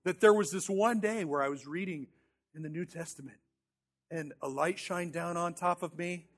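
A man's voice: a little high, normal speed. A man in his thirties preaching a sermon as a pastor, telling a personal story in a conversational, self-deprecating way and often repeating words as he goes.

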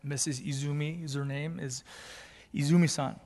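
A male pastor preaches in a relaxed storytelling way, dropping Japanese phrases into his talk and building to fervent emphasis. His voice sits a bit higher than most men's. It rings with a long reverb from a church sanctuary. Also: moderate pace. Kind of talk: storytelling sermon.

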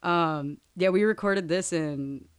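Young woman cohosting a chatty podcast, kinda low and smooth, rambly and giggly. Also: takes it slowly, dry recording, clean studio sound. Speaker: podcast co-host. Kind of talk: casual chat.

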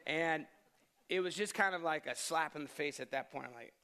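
A man's voice: on the high side, quick pace, sharp tone. A young adult man preaching a sermon, praying and then telling a candid personal story with many restarts. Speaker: pastor.

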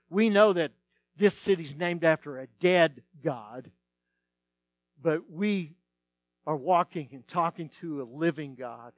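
A man preaching a sermon as pastor, telling stories and acting out the dialogue with lively shifts. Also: sits high, no room sound. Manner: animated storytelling, acts out dialogue.

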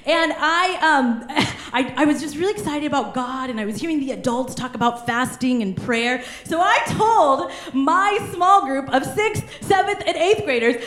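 A woman's voice: high-pitched, expressive, moderate pace, fairly bright tone. A woman preaching a sermon, telling stories animatedly with frequent laughter. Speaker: pastor. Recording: echoey room.

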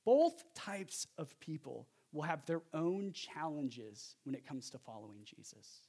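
A man delivers a sermon in a casual, conversational tone, full of asides and self-deprecating humor. His voice sits a little on the high side and moves with animated energy. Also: measured pace, husky. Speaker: pastor.

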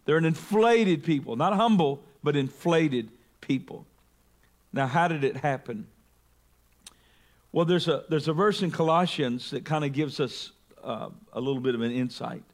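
Male pastor, expository sermon, slightly high voice, emphatic scripture reading. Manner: reads scripture with rising emphasis, slows on key words.

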